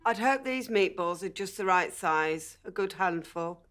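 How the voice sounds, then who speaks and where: A woman's voice: fairly low pitch, lively intonation, a little slow, over music. A woman, a dinner-party contestant, talking in an earnest explaining manner.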